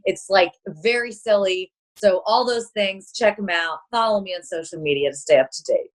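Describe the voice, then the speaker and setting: A woman's voice: mid-range voice, normal speed. A woman in her thirties, a children's TV performer, chatting enthusiastically as a podcast guest and laughing easily. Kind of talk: casual interview chat.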